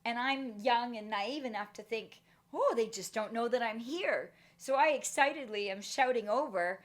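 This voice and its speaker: A woman's voice: a little high, moderate pace. A middle-aged woman giving a motivational talk, telling a personal story and acting out the voices in it. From Canada. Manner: animated, acts out voices in her story. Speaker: motivational speaker.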